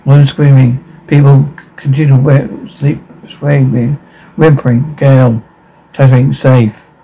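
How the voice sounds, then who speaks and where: A man reading a show's captions aloud in a plain, halting way, with slips and restarts. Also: mid-range voice, level tone, creaky, warm tone, a little hiss or hum, rough recording.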